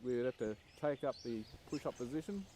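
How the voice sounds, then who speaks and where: A man's voice: medium pitch, expressive, fairly quick, warm tone, slight background noise. A man, recalling his army training in a casual, wry documentary interview, with frequent "um"s and "and"s. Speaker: former army recruit, interviewee. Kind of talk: documentary interview, anecdotal recollection.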